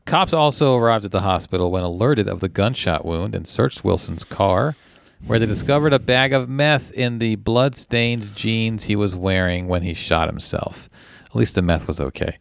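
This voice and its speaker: A man's voice: lowish voice, expressive, normal speed, creaky, hardly any pauses. A man hosting a casual podcast, reading news stories aloud and joking about them in a laid-back way. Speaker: podcast host.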